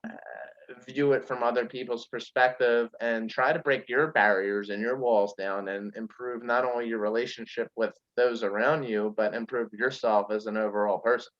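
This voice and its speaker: A man's voice: medium pitch, steady tone, normal speed, a bit bright. A man guesting on a podcast, telling a story in casual chat and acting out quotes with lots of fillers. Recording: dull lo-fi sound.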